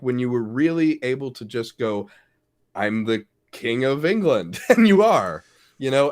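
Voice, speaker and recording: A middle-aged man, a guest actor, telling lively stories in a casual interview and acting out the lines he quotes. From Wisconsin. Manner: animated storyteller, acts out quotes with big pitch swings and laughs.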